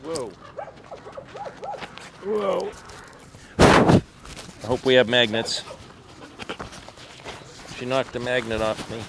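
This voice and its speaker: A man talks to rescue dogs in a coaxing, affectionate way and now and then explains things to the camera. He is recorded outdoors at a sanctuary. Steady background noise and barking come through. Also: medium pitch, takes it slowly, long pauses. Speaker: animal rescuer. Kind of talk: casual talk to dogs and camera.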